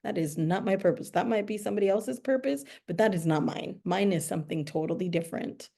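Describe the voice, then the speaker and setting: A woman's voice: medium pitch, animated, fairly quick, gravelly, dark tone. A young adult woman hosting a podcast, speaking earnestly in casual conversation and repeating herself for emphasis. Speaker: podcast host.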